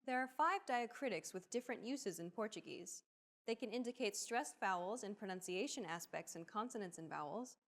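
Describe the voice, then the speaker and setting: A woman's voice: medium pitch, lively intonation, a little fast. Woman reading lesson explanations. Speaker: lesson narrator. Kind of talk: scripted lesson narration.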